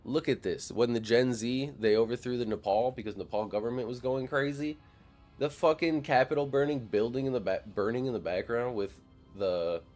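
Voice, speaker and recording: Streaming a game, a young Wisconsin man from the Madison area talks casually to his viewers, wandering off topic, cursing, and leaning heavily on "like." His voice sits lowish and has a darkish tone.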